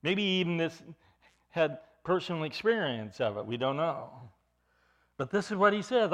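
A man's voice: on the high side, animated, moderate pace, a bit bright. A man preaching an expository sermon as pastor, earnest and emphatic, often repeating and restarting his phrases.

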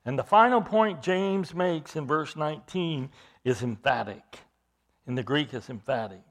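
Male preacher, higher register with some gravel; reads scripture aloud, then punches key words and asks rhetorical questions. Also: measured pace. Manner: emphatic, rising to loud stresses on key words. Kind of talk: expository sermon reading scripture.

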